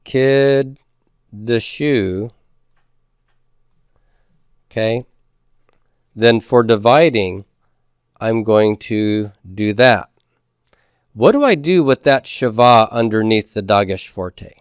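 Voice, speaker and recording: Man, lecture style, patient and repetitive, smooth resonant voice, dry recording. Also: lowish voice, takes it slowly, long pauses, no echo. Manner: patient, repeats key points, checks understanding with "okay?". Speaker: Hebrew grammar teacher. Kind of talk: classroom lecture.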